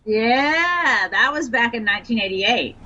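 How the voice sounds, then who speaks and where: A middle-aged woman from the American South, telling stories as a guest in a casual interview, chatty and animated. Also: a little high, crowd noise. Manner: chatty, animated, quick to laugh. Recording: slightly dull audio with faint noise.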